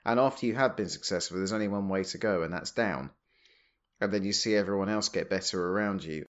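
A man co-hosting a podcast, chatty and quick to laugh. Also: low-pitched. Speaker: podcast co-host. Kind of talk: casual podcast discussion. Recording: slightly dull, lo-fi audio.

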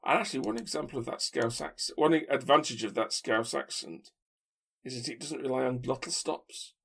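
A husky, slightly breathy male voice in casual podcast chat. He talks in a wry, opinionated way, pausing to think as he builds his point. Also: medium pitch, expressive, fairly bright tone. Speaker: podcast co-host.

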